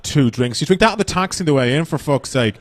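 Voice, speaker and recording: Fast-talking Irish stand-up comedian. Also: male voice, on the high side, lively intonation. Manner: brash, profane, rambling storytelling. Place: comedy stage at a festival.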